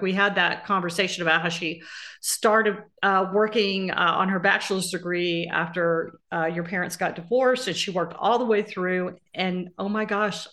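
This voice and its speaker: Bright chatty Southern woman host. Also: mid-range voice. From Southern US (Florida, Georgia). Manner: chatty, warm rambling with fillers and laughs. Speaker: podcast host. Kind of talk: casual interview chat.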